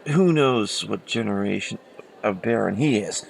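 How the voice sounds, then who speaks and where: A man's voice: lowish voice, expressive, unhurried, vocal fry, slightly rough, voice pushed down, heavily acted. A man voicing a friendly, blunt mercenary captain who has just become a baron, talking in a chummy, conspiratorial way.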